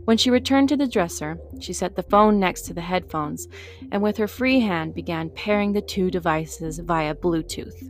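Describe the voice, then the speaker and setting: A woman narrating a story audiobook at a steady storytelling pace. Her voice sits slightly low, and soft music plays faintly behind her. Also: moderate pace.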